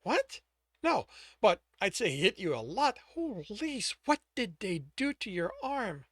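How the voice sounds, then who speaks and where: Man voicing a blunt, clinical woman healer; raised pitch, brisk. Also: big pitch swings, fairly bright tone, no echo, studio quality, full character voice. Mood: alarmed. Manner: brisk, matter-of-fact.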